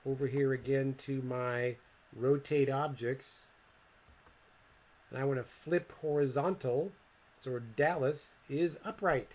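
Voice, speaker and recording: Male instructor, mid-pitched voice, casual screencast walkthrough, slightly muffled lo-fi recording. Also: fairly even intonation, slow pace, darkish tone. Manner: casual, talks to himself while clicking; joking asides to viewer. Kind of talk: screencast software tutorial.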